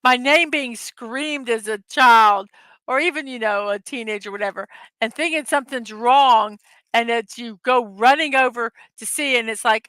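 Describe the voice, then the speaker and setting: A woman's voice: on the high side, moderate pace, sharp tone, smooth, no echo. A middle-aged woman hosting a casual daily morning show, chatty and giggly as she reads out silly memes. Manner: giggly, chatty, frequently laughing at her own jokes. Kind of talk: casual livestream chat reading memes.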